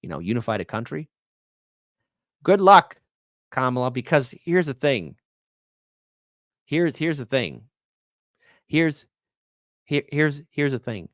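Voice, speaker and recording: A man's voice: mid-range voice, big pitch swings, measured pace, pauses often, dry recording, clean studio sound. A man hosting casual political commentary, sarcastic and mocking, reading articles aloud. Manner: sarcastic, mocking, swings between loud outbursts and mutters.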